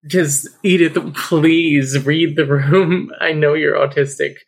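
A man's voice: fairly high pitch, fairly even intonation, takes it slowly. A man as a guest on a podcast, chatting casually and reading book passages aloud, often laughing. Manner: laughs often, reads passages with an embarrassed amusement.

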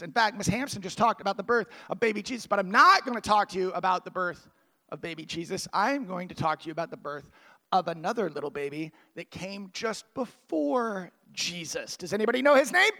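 A man giving a lively, jokey chapel talk to children, telling a story with quick asides. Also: high voice. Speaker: chapel speaker. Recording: long hall reverb.

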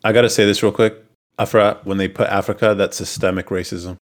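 A young man hosts a relaxed podcast conversation with a somewhat low voice. He jokes constantly, laughs easily and swears without thinking about it. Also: fairly quick. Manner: joking, laughs often, swears casually. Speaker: podcast host. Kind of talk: casual chat.

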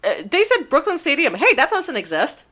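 Woman, casual chat, fairly high voice, bright, animated swearing. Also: brisk. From New York area. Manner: animated, swears freely, restarts sentences. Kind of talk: casual chat recapping an anime.

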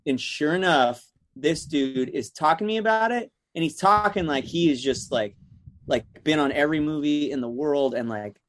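A young man telling stories in a casual chat, animated, acting out the people he quotes. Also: fairly high pitch, moderate pace, dry recording. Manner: animated, acts out quotes in other voices.

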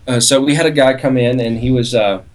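A man's voice: medium pitch, brisk. Podcast co-host, male, rambling storyteller who laughs at his own prank tale. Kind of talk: casual storytelling.

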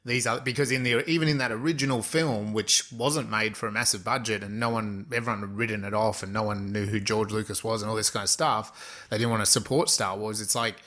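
A man with a bright, forceful voice talks casually about a film, rambling through fillers and restarts as he works out his point. His tone stays conversational and loose. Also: fairly low pitch, fairly even intonation, fairly quick.

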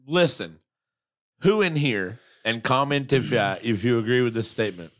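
A man co-hosting a casual podcast chat, teasing dryly with deadpan asides. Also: mid-range voice, moderate pace. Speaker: podcast co-host.

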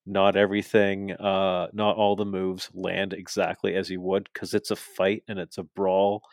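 A man with a lowish voice recaps the show in loose, excitable chat, swearing freely and laughing along. The sound is dry and close, with little room around it. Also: moderate pace, no room sound. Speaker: podcast co-host. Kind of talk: casual wrestling recap chat.

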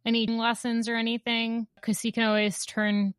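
A woman's voice: a little high, completely flat delivery, moderate pace, clean tone, no room sound. A woman co-hosting a comic book podcast in casual chat, giggly and enthusiastic, swearing freely.

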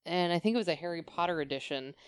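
A woman's voice: lowish voice, fast talker, clear, resonant tone, no echo, studio quality. A woman co-hosting a podcast in casual chat, opinionated and laughing often. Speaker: podcast co-host.

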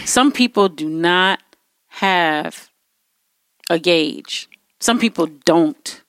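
A woman's voice: mid-range voice, takes it slowly, a bit bright, smooth, no room sound, studio quality. A woman in a casual talk, pressing her point with pointed questions and repeated "like"s. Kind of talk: casual conversation.

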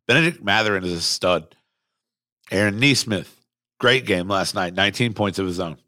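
A man hosting a sports podcast, talking casually in a rambling, excitable way with some swearing, recorded at a microphone. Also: sits low, normal speed, no echo, studio quality. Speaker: podcast host. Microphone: studio microphone.

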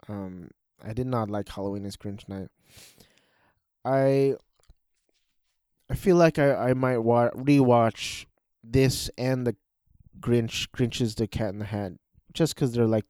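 A man's voice: mid-range voice, dark tone, clear, resonant tone, no echo, clean studio sound. A man casually reviewing cartoon specials in a rambling, hesitant way, with frequent restarts.

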